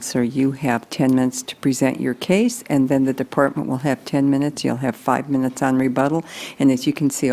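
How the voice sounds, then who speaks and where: A woman with a very deep, gravelly voice chairs a formal board hearing. She calls cases and lays out the rules courteously and by the book. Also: a little mellow. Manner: courteous, procedural. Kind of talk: formal meeting procedure.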